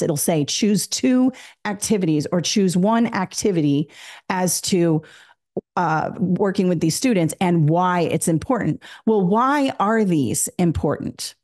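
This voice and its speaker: A woman's voice: lowish voice, normal speed, a little mellow. A woman teaching an exam prep lesson, explaining step by step and acting out classroom prompts. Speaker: test prep instructor.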